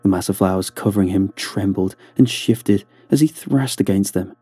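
A male narrator tells a first-person horror story with a tense, dramatic delivery. His voice is low, dark and husky. The recording is dry and close, with faint music underneath. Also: normal speed, no room sound.

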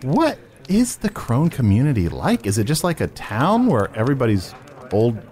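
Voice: medium pitch, huge pitch swings, moderate pace, a little mellow. Comedy podcast host, goofy and hesitant, lots of ups and downs in the voice. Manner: hesitant, playful, questioning. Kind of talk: improvised comedy podcast chat.

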